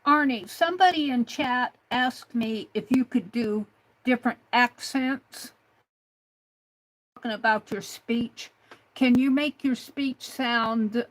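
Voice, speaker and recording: Slow, hesitant woman livestream host. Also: a little high, fairly bright tone, rough recording. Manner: hesitant, searching for words while relaying viewer questions. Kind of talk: casual livestream chat.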